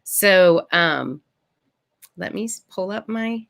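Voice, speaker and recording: Woman, storybook author, mid-pitched, animated read-aloud for kids over a video call, stops to explain words. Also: slow pace, gravelly. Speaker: picture book author. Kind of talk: live storytime reading aloud to children.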